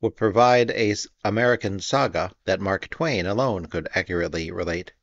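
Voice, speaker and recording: A man narrating a history audiobook in a measured, wry manner, on a dull, slightly muffled recording. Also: sits low, creaky. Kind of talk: scripted narration.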